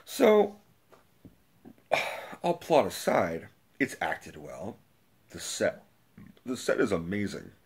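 Young male reviewer, deep and husky, loose profane ranting delivery. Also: slow pace, pauses often. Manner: profane, rambling, animated. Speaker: movie reviewer. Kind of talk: casual rant.

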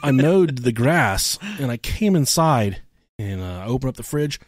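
A man's voice: medium pitch, normal speed, no echo, studio quality. A man co-hosting a podcast, telling crude stories in casual chat and acting out the voices of the people in them. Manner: profane, animated storyteller acting out voices. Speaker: podcast co-host.

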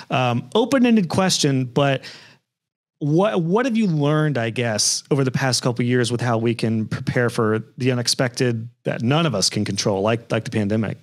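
A man hosting a podcast interview, talking casually and thinking aloud with frequent restarts. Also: mid-range voice. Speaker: podcast host.

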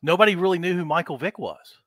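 A man's voice: high-pitched, fast talker, a bit bright, no room sound. A man hosting a podcast, chatting casually and reflectively with his guest. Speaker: podcast host. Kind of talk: casual chat.

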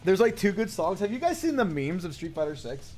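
A man chatting casually on a livestream, excitable and profane, laughing often. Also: sits high, brisk, soft background music. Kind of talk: casual stream chat.

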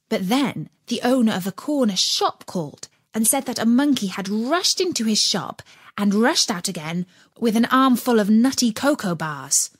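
A woman reads a children's storybook aloud, expressive and lively in her storytelling. Her voice sits at a medium pitch with a slightly husky edge. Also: no echo. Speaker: narrator. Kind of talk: children's audiobook narration.

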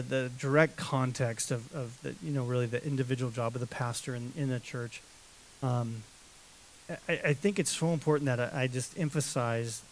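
A man's voice: mid-range voice, a little hiss or hum. A man preaching an expository sermon as pastor, emphatic and repetitive, with many restarts and fillers.

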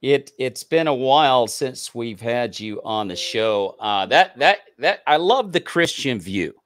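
A man's voice: medium pitch, animated, measured pace, fairly bright tone, no echo. Upbeat man hosting a talk show. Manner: upbeat, repeats words and restarts. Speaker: host. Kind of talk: online talk show chat.

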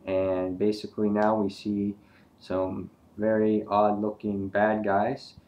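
A man's voice: on the low side, monotone, slow, lo-fi sound. A man giving a casual, hesitant comic book review, talking through pages with many ums and uhs.

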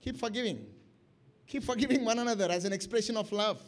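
High-voiced preacher, emphatic. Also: male voice, fast. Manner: emphatic, with rising and falling bursts of loudness; asks the congregation questions. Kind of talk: sermon. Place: church camp gathering.

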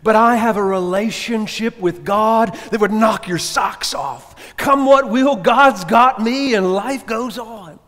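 A man's voice: high voice, slow, few pauses, faint music behind. A preacher quoting a serene, lilting faithful woman. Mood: serene, exultant. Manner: calm, radiant, lilting. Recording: echoey church hall reverb.

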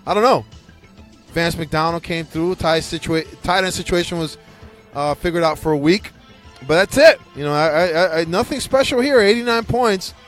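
A man's voice: fairly high pitch, moderate pace, fairly bright tone, faint music behind. A man hosting a casual podcast, ranting in a rambling, profane way with frequent restarts. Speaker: podcast host.

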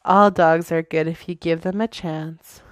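A woman reading the lines of a shy, gentle old man with a dog in a picture book, in a soft, quiet way. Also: on the low side, fairly even intonation, measured pace, no room sound, close to an everyday voice.

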